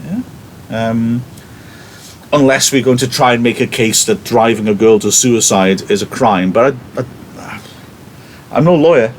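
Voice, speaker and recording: A man's voice: mid-range voice, unhurried, long pauses, a little hiss or hum. A man from the United Kingdom, a teacher, reading a play aloud to his class and adding chatty, wry, self-mocking commentary.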